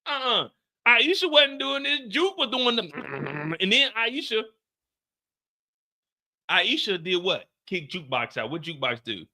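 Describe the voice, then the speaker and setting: High-voiced man, joking reaction host, swears freely. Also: sing-song, a little slow, pauses often. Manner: loud, profane, joking. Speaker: streamer recapping a TV episode. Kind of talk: animated reaction commentary.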